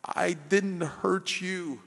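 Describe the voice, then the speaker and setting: A male pastor preaching a passionate sermon, repeating phrases and building to shouts. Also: high-pitched, steady tone, drawn-out words, gravelly, big-room sound.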